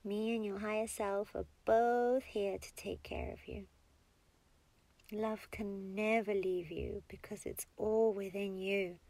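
A woman's voice: medium pitch, fairly even intonation, slow pace, mellow. A woman in a whispered role-play as a comforting partner, tender and coaxing, often giggling and dropping into whispers.

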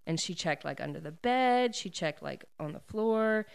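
A woman recaps a story in a relaxed, chatty way, with lots of "like"s, and briefly acts out the characters' lines as she goes. Her voice is smooth and clear and sits a little low. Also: normal speed. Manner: retells a plot with many "like"s, acts out quoted lines and laughs often. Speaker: book discussion host. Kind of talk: casual book recap chat.

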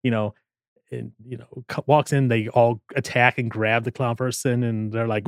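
A man's voice: mid-range voice, normal speed, no room sound, studio quality. A man in casual chat, retelling a comedy scene and acting out the characters' lines. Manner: animated storyteller, acts out quoted lines.

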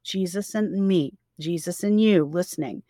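A woman's voice: fairly low pitch, moderate pace, dark tone, dry recording, studio quality. A woman co-hosting a faith-based parenting podcast, talking in an earnest, reflective way and sometimes reading scripture aloud. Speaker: podcast co-host.

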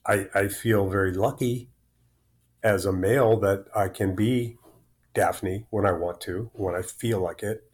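A man's voice: on the low side, steady tone, measured pace. A man in his sixties from Florida, a guest talking frankly and with self-deprecating humor in an interview, often repeating words as he starts sentences. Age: 60s. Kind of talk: candid interview conversation.

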